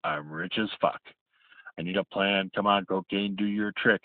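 A man's voice: on the low side, lively intonation, moderate pace, gravelly, dry recording. Man doing an older author muttering schemes. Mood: scheming. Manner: muttering, plotting to himself. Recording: tinny phone-like sound.

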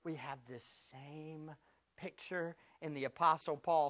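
A male pastor preaching a sermon, firing rhetorical questions at the congregation and swinging from loud bursts to hushed words. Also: on the high side, steady tone, unhurried.

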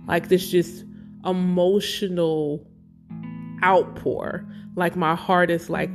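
A woman speaking slowly and emotionally about her spiritual life, close to tears at times. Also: lowish voice, little pitch movement, soft background music. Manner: slow, emotional, searching, near tears. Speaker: spiritual vlogger. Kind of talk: reflective personal talk.

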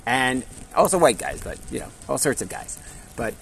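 A man's voice: mid-range voice, very animated, normal speed, creaky, a bit bright, soft background music. A man teaching a Torah class through stories, in a casual manner that checks in with listeners and drops Hebrew and Yiddish words.

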